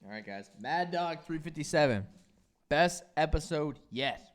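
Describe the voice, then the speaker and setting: A man's voice: fairly high pitch, lively intonation, measured pace. A young man co-hosting a casual podcast, rowdy and swearing as he cheers the others on. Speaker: podcast co-host. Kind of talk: casual chat.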